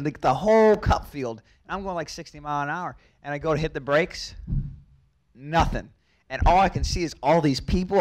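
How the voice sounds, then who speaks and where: A tipsy young man, a race car driver, telling a long story at a press conference, chuckling and repeating words as he goes. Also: mid-range voice. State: a little drunk.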